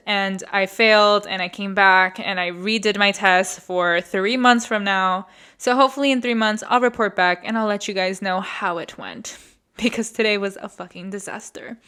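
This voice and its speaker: A woman's voice: medium pitch, sharp tone, clean tone. A woman in her twenties hosting a podcast, telling a personal story in a candid, chatty way with frequent swearing. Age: 20s. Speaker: podcast host. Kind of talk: casual storytelling monologue.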